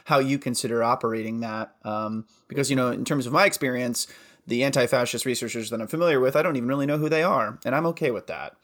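Mid-pitched man asking careful questions. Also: fairly bright tone. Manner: measured, careful questions with fillers. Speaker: podcast host. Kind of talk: podcast interview.

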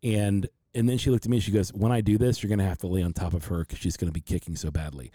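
A man's voice: sits low, steady tone, quick pace, warm tone, no room sound. A man co-hosting a podcast, earnestly telling a frightening family story and acting out what others said. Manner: earnest, quotes others animatedly. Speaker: podcast co-host. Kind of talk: emotional storytelling.

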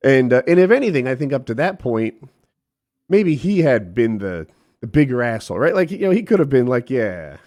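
A man's voice: medium pitch, a little fast. A middle-aged man telling a story in casual chat, quoting the people in it and swearing freely. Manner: animated, profane, quotes people in voices.

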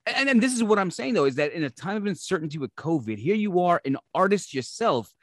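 An interviewer in a casual talk, giving lively, rambling reflections back to the guest. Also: mid-range voice, fast talker, no room sound, clean studio sound. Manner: lively, affirming, rambling questions.

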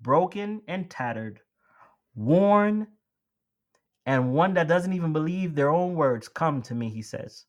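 Man preaching in lively conversational style. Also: on the high side, slow pace, lo-fi sound. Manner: conversational preaching with rising emphatic lines; addresses listeners as beloved and friends. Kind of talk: sermon.

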